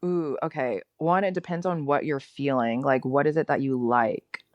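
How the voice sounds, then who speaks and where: A young woman as a guest in a casual interview, upbeat and chatty and quick to laugh at herself. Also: very deep voice, no echo, lo-fi sound.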